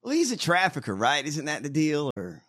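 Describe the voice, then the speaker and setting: A man co-hosting a loose news podcast, his pitch swinging wildly up and down as he jokes. He curses constantly and mocks the people in the stories, breaking into laughter often. His voice sits a little higher than most men's. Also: huge pitch swings, normal speed, a bit bright. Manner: profane, mocking, laughs often. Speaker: podcast co-host. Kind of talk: casual news chat.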